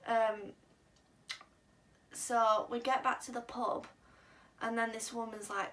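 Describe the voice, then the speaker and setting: With a mid-range, slightly bright voice and a flat, unhurried delivery, this young woman rambles through a personal anecdote vlog-style, sprinkling in plenty of "um" and "like." The mic sits a bit far off, and a faint hiss is audible.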